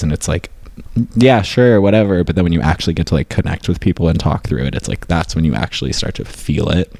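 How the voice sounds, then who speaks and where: Young man, very low voice, from rural upstate New York, rambling casual chat, lots of fillers. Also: darkish tone, dry recording. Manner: rambling, many fillers and restarts. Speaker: guest.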